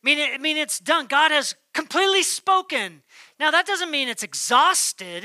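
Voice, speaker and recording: A man preaching a sermon as pastor, swinging between emphatic declarations and hushed, near-whispered lines. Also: extremely high pitch, no echo. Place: church.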